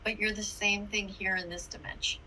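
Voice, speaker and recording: A woman leading a guided meditation in a slow, soothing way, then chatting warmly as podcast host. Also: mid-range voice, level tone, slight background noise. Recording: music playing behind the voice.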